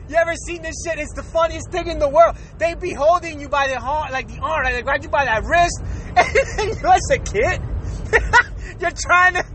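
A man from the United States hosting a podcast, delivering a profane, animated comedic rant and laughing often. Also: very high voice, a little hiss or hum, rough recording. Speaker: podcast host.

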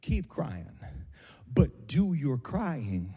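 A male pastor preaching a sermon to his congregation on a handheld microphone, building from slow teaching into shouted, sung cadences. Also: a little high, big pitch swings, in a large hall, slight background noise. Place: church sanctuary.

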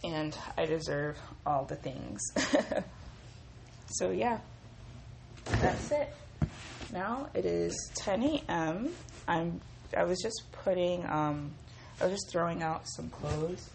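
A young woman hosting a casual solo podcast, telling stories in a profane, animated way and acting out what people said. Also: low-pitched, creaky, a little hiss or hum. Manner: profane, animated storytelling with quoted voices. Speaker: podcast host.

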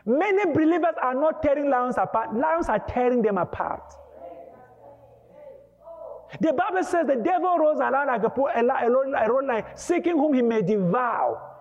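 A male preacher delivering an emphatic, dramatic sermon, breaking into shouts. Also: extremely high pitch, expressive, normal speed. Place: church hall. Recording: dull lo-fi with long hall reverb.

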